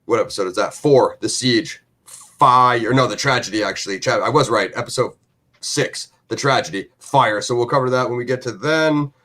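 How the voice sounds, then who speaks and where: A man's voice: mid-range voice, normal speed, sharp tone. A man hosting a review show in loose, rambling casual chat, full of fillers and restarts.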